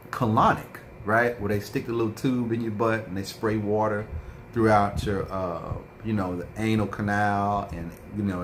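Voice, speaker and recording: Deep-ish guy vlogging, loose chatty storytelling, lots of ums. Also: slight background noise. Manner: rambling storytelling with many fillers. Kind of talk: casual livestream chat reading viewer comments.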